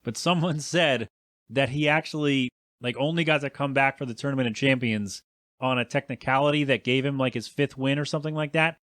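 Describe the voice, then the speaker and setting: A man's voice: medium pitch, brisk, fairly bright tone, dry recording, studio quality. A man in his thirties hosting a solo podcast, rambling in a chatty, self-deprecating way and answering his own asides. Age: 30s. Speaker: podcast host.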